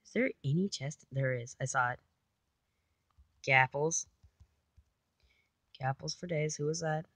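A woman's voice: sits low, a little slow, fairly bright tone, no room sound. A woman casually commenting on her own gameplay, chatty, talking to herself and repeating silly phrases. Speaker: gamer.

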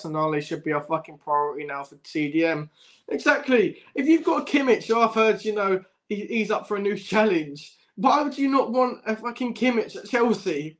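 A young man hosting a football fan livestream, swearing, laughing often and chatting to his viewers. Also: sits high. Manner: swears a lot, laughs often, says bruv constantly. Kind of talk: casual livestream chat.

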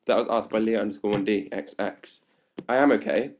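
A young man chatting live to fans on a webcam at home, hyper and playful and growing louder as he goes. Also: lowish voice, moderate pace. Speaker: livestream host answering fan questions. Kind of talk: casual live webcam chat. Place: indoors at home. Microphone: laptop webcam mic.

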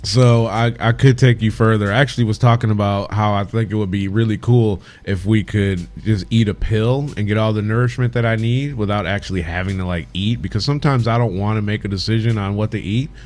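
A man's voice: fairly low pitch, a little fast, hardly any pauses, a little mellow. A man co-hosting a podcast, teasing his partner and laughing at his rant. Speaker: podcast co-host. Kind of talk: casual podcast chat.

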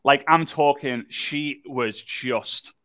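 A man presenting a live online workshop, telling a story in a lively, jokey way and talking to the chat. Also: mid-range voice, slow, dry recording. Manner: animated, jokey storyteller who talks to the chat.

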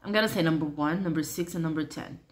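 A woman's voice: deep voice, fast talker, reverberant, a little hiss or hum. A woman hosting a reaction video, talking casually and unsure of herself, muttering guesses and often laughing.

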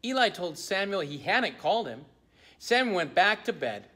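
A male pastor giving a children's message, speaking in an animated, sing-song way to young children. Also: high-pitched, normal speed.

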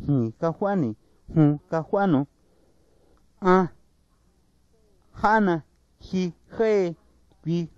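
A man slowly and carefully reading out a word list in a measured, repetitive way. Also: sits high, darkish tone, no echo. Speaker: native speaker recording word list. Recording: dull lo-fi 1990s tape, dry.

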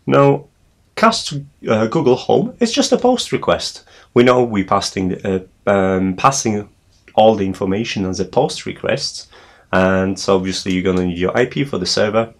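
A man's voice: deep voice, gravelly. A man hosting a tech tutorial, explaining a setup step by step with frequent hesitations. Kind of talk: screen walkthrough tutorial.

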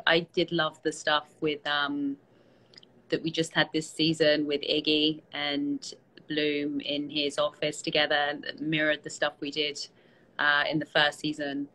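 A tired British woman, an actress, chatting casually with fans on a live stream, relaxed and self-deprecating, with many fillers, speaking into a phone held at arm's length. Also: low-pitched, a little slow, poor audio. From Britain. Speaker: actress hosting a fan Q&A.

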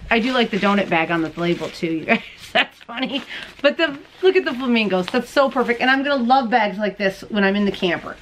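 A woman's voice: fairly high pitch, lively intonation, brisk, a bit bright, a little hiss or hum. A woman hosting a crochet and knitting show, chatting casually to camera as she opens mail at home, bubbly and gushing and often laughing. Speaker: crochet and knitting podcast host.

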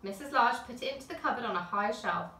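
A woman, a nursery teacher, reading a picture book aloud to young children with gentle, chatty asides. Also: fairly high pitch, animated, fast, slight background noise. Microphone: camera at a distance. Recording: echoey room, filmed from a distance.

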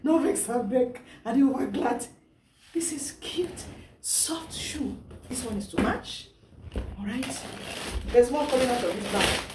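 A woman's voice: on the high side, unhurried, recorded from a distance, background noise. A young woman with a Nigerian accent, chatting through a casual unboxing vlog, laughing often and slipping into Pidgin. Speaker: vlogger. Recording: echoey room, voice off-mic.

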